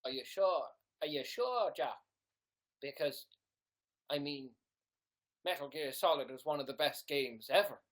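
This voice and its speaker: A man's voice: fairly high pitch, lively intonation, measured pace, pauses often, a bit bright. A man voicing a stern but kindly village priest in an improvised comedy sketch, talking in a mock-solemn, scolding way.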